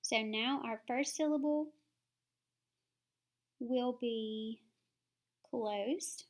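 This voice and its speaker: A woman teaching phonics, explaining each step slowly and sounding words out syllable by syllable. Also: fairly high pitch. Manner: slow, deliberate, sounding words out.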